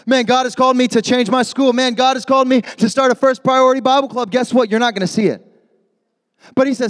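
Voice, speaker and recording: A young man preaching an energetic youth sermon as a youth pastor, animated and jokey, shouting for emphasis. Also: very high voice, fast talker, big-room sound.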